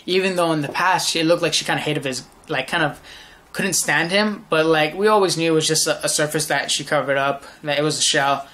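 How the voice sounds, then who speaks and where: Young man, casual manga review, slightly high-pitched, rambling, enthusiastic, frequent restarts. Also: fairly quick, bright, forceful tone.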